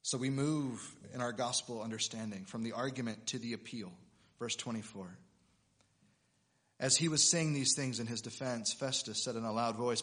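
A middle-aged man, a pastor preaching a sermon with passion, building to loud emphatic peaks and reading scripture aloud. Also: medium pitch, moderate pace. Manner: reads scripture aloud with dramatic voices.

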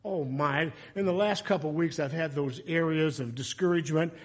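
A man preaching a sermon in a chatty, animated way, breaking into loud, emotional passages. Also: fairly high pitch, normal speed. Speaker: pastor.

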